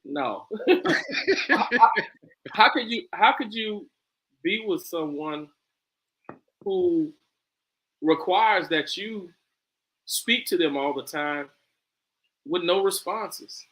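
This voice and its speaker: Male panelist, slightly high pitch, hesitant and questioning. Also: takes it slowly, long pauses, fairly bright tone, rough recording. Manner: hesitant, questioning, laughs easily. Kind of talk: casual discussion.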